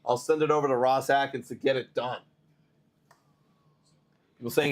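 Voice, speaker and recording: A man hosting a live baseball stream, chatting to viewers and reading trade news in a rambling, excitable way while tired. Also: mid-range voice, a little slow, pauses often. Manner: excitable, rambling, talks to chat. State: tired, yawning. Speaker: baseball livestream host.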